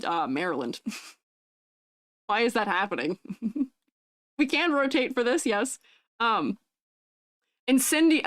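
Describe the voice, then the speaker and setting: A woman's voice: medium pitch, dry recording, clean studio sound. A woman chatting casually on a livestream, giggling often and reading chat messages aloud. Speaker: streamer.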